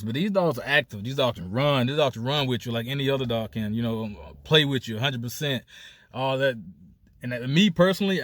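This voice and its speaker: A man's voice: mid-range voice, no room sound, clean studio sound. A man with a Southern US accent, a dog breeder talking casually to camera, repeating himself and hammering points home with "you know" and "period". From United States. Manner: loose, repetitive, emphatic with "period" and "you know".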